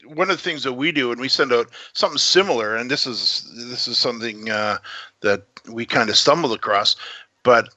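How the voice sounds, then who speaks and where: A man's voice: medium pitch, fairly quick, pushed and bright, no room sound. A man hosting a podcast interview, telling anecdotes in an enthusiastic, rambling way. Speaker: podcast host. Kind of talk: casual interview chat. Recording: dry, muffled lo-fi sound.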